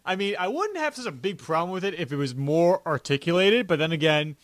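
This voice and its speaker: A man's voice: on the high side, animated, fairly quick, no echo. A young man from New York co-hosting a podcast, talking in a rambling casual way with lots of "like" and restarts. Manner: rambling, many restarts and "like" fillers. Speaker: podcast co-host. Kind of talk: casual chat.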